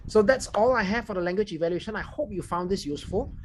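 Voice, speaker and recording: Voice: medium pitch, animated, fast, hardly any pauses, a little mellow, slight background noise. A speaker with a Singaporean accent giving a language evaluation on a video call and correcting grammar and pronunciation. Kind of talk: club speech evaluation.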